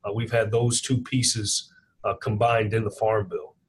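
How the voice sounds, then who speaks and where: A man from Kentucky with a Kentucky twang, a podcast guest who explains things in a plainspoken, measured way. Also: fairly low pitch, level tone, husky, poor audio. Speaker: guest economist. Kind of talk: podcast interview.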